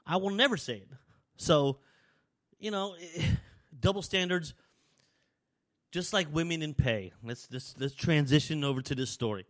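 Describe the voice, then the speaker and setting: A man's voice: fairly high pitch, measured pace, pauses often. A man hosting his own talk show, giving a rambling, conversational opinion monologue with frequent restarts, a little out of breath. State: slightly out of breath. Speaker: podcast host.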